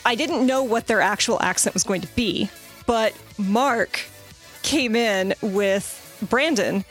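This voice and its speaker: A woman's voice: medium pitch, slow pace, a bit bright, faint music behind. A woman in casual podcast chat about her tabletop role-playing character, talking freely with lots of fillers. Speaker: tabletop game player.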